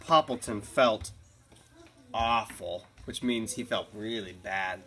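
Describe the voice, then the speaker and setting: A woman's voice: very deep voice, slow pace, pushed and bright. A woman teacher reading a picture book aloud to her class in a classroom, with chatty asides and easy laughs.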